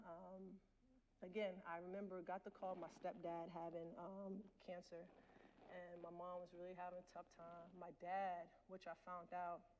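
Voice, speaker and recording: Candid low-voiced woman telling her story. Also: a little mellow, dull audio, slight background noise. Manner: candid, addresses the audience directly. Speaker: guest lecturer. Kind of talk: personal storytelling talk. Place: lecture hall.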